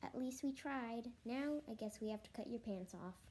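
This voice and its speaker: A woman voicing a calm, matter-of-fact schoolteacher in a storybook. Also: fairly high pitch, normal speed, lightly acted.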